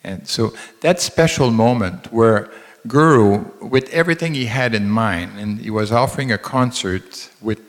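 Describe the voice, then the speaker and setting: A man casually telling a personal anecdote, animated and chuckling as he quotes others. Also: on the low side, unhurried, long reverb tail. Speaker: devotee telling a personal story.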